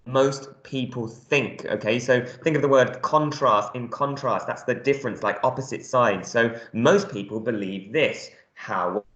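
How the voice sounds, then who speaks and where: A man's voice: mid-range voice, unhurried, few pauses, a bit bright, echoey room, muffled recording. A male primary school teacher giving a recorded reading lesson, explaining words step by step in a friendly way with lots of ums.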